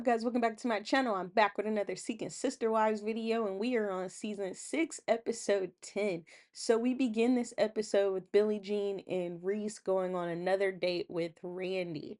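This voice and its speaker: A woman's voice: medium pitch, warm tone. A woman hosting her own channel, chatting casually through a TV episode recap and acting out the quotes with a laugh.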